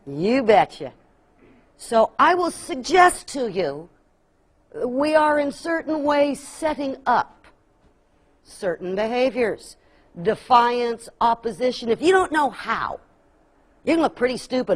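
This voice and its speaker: Lively woman presenter with folksy humor. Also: fairly high pitch, unhurried. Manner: humorous, acts out kids' voices, folksy asides. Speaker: workshop presenter. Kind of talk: lively training lecture. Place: workshop room.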